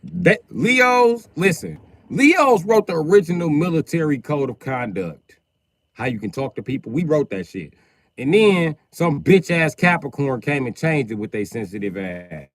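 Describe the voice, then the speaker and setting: Brief: male stand-up type, AAVE, lively swooping pitch, dry close sound, profane rant. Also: measured pace, dry recording. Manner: profane, animated, acts out characters with shouted voices. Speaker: comedian livestreaming. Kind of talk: comedic rant.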